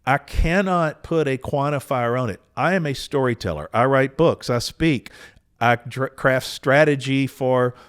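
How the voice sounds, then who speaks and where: A man, telling a personal story as a podcast host, earnest and unhurried, with small restarts. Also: medium pitch, a bit bright, clear, resonant tone. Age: 60s.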